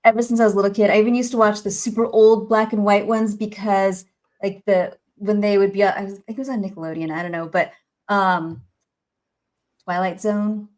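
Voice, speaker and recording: A woman's voice: mid-range voice, level tone, brisk, a little mellow. A woman guest in a casual chat, thoughtful and hesitant, searching for her words.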